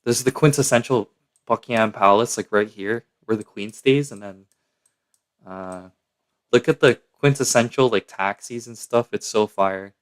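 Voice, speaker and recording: A man's voice: lowish voice, normal speed, clear, resonant tone. A young man from Canada, chatting casually and slangily to his live-stream chat.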